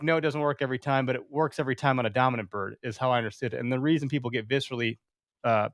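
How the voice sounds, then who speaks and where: A man in his thirties hosts a loose podcast conversation. He is animated and swears freely, slipping into other people's voices to act out quotes. His voice sits at a middle pitch and sounds dry and close, with no room echo. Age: 30s. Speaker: podcast host. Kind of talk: casual podcast chat.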